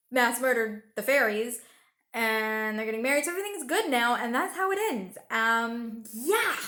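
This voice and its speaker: A woman's voice: fairly high pitch, fairly bright tone. A young woman giving a casual, rambling movie review. She retells the plot emotionally, with lots of fillers, and sounds tired.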